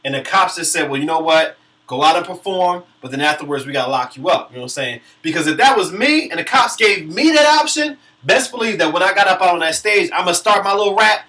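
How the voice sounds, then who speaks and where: A man's voice: sits high, animated, fast talker, pushed and bright, distant mic. A man vlogging a brash, profane celebrity gossip rant. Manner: sassy, brash, dramatic.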